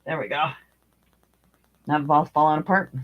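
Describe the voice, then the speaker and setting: A dull lo-fi home recording captures an older woman with a low voice, talking at normal speed as she crochets. She chats casually about her work as a crochet vlogger, wandering and musing aloud with plenty of fillers.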